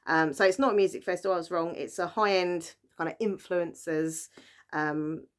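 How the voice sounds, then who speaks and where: A woman's voice: fairly low pitch, normal speed, smooth. Chatty young woman. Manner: chatty, rambling, lots of fillers and likes. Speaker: book vlogger. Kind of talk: casual book haul chat.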